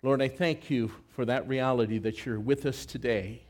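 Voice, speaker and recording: A man's voice: mid-range voice, fairly even intonation, normal speed. A man preaching at a church service, telling a personal story dramatically and acting out the scenes before praying. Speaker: pastor. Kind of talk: storytelling sermon.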